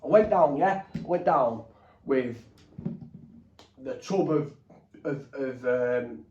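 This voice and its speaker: Bloke on a podcast, swears a lot, rambles, sounds far off in a roomy space. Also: male voice, medium pitch, lively intonation, takes it slowly, darkish tone, a little hiss or hum. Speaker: podcast guest. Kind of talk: candid storytelling. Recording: roomy, distant, dull.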